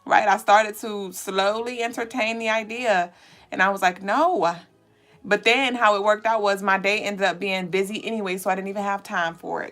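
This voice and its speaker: Chatty, laughing woman livestream host. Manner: chatty and animated, with frequent laughter; swears casually, with high squealing bursts. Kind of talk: casual livestream chat, reading viewer comments.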